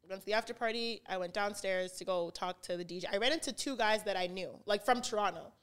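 A young adult woman, a podcast guest, telling stories in casual chat, animated and full of "like", acting out the quotes. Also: mid-range voice, fast, clean tone. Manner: animated, heavy use of "like", acts out quotes.

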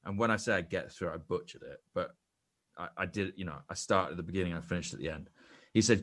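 Deep-voiced young man telling anecdotes. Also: fast. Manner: self-deprecating storyteller with frequent restarts. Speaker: podcast guest, actor. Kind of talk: casual podcast chat, anecdote.

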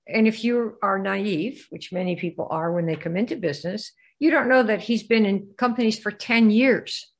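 A woman's voice: mid-range voice, normal speed, few pauses. A woman giving a live business training presentation. She keeps firing rhetorical questions at her listeners and pushing them to answer. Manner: rhetorical, quizzes the audience.

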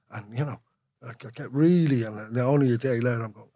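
A man's voice: mid-range voice, fairly quick, dark tone, dry recording. Chatty Irish man, dry close sound. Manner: rambling, laughing, candid, swears freely. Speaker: guest, musician. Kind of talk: casual conversational interview.

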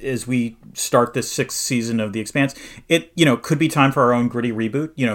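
A man's voice: mid-range voice, a little fast, fairly bright tone, a little hiss or hum. Amiable man co-hosting a podcast. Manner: amiable, chuckling, rambling asides. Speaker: podcast co-host. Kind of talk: casual podcast chat.

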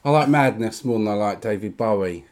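A man, chatting casually as a podcast host. His voice sits fairly low, and he tells jokey, rambling stories in a laid-back way. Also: moderate pace, darkish tone. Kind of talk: casual chat.

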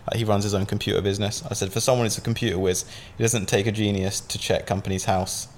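A man's voice: on the low side, little pitch movement, quick pace, hardly any pauses, a little hiss or hum. A man from Southampton, telling a long story as a podcast guest in a casual, rambling way, full of fillers and swearing. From Southampton, England.

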